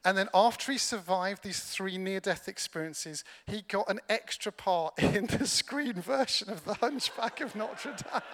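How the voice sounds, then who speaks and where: A man's voice: high voice, animated, moderate pace, vocal fry, few pauses, a bit bright. A man preaching a sermon as a pastor in church, telling stories with humor and poking fun at himself. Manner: humorous, self-deprecating storytelling. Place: large church hall. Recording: long hall reverb from a church.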